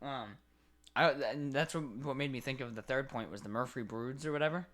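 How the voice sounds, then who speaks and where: Young man, podcast co-host, casual chat, animated storyteller, mid-range voice. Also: mid-range voice, fairly quick. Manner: animated storyteller, acts out game characters.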